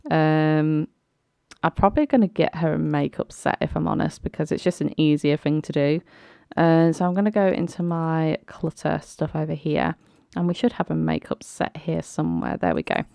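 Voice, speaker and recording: With a deep, warm voice touched by vocal fry, a young woman chats through a life-sim game let's play in a clean, echo-free studio recording. Her commentary is casual and chatty, heavy on fillers, and she laughs and exclaims readily.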